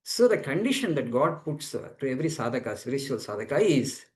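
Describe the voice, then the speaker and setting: A man's voice: medium pitch, big pitch swings, a little fast, rough recording. Man, monk, spiritual teaching talk, earnest, explanatory, repeats his phrases, video call audio. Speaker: monk answering students' questions.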